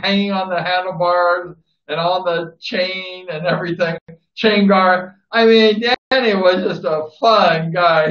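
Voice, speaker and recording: A man's voice: high-pitched, a bit bright. A man reminiscing about a speedway rider, rambling and repeating himself with enthusiasm. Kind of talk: casual spoken tribute. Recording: roomy, dull lo-fi recording.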